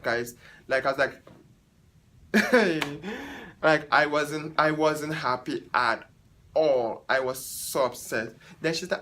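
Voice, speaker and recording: Animated, exasperated man vlogger. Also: on the high side, measured pace, slight background noise, poor audio. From Africa. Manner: animated, exasperated, chatty, talks to viewers as "guys". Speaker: hairstylist and vlogger. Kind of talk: storytelling vlog.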